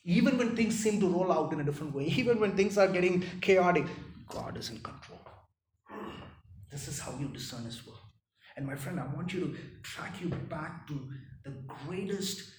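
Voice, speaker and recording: A man preaching a sermon, swinging from loud impassioned rises to hushed near-whispers, often asking "right?" and calling listeners "my friend". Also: high voice, moderate pace, reverberant, far from the mic, slight background noise, rough recording. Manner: peppers points with "right?" and "my friend".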